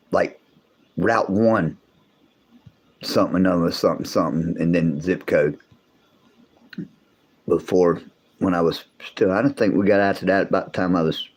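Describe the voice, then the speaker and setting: Chatting loosely with viewers in the live chat, this male livestream host has a low-sitting, darkish voice. His talk is rambling and drawled, with frequent sentence restarts.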